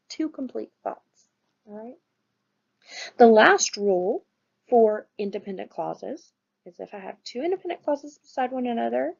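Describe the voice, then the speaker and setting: A woman teaching a grammar lesson, patient and steady, who keeps checking in with her class as she explains. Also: on the high side, creaky, highs cut off. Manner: patient, checks in with "right?" and "all right?".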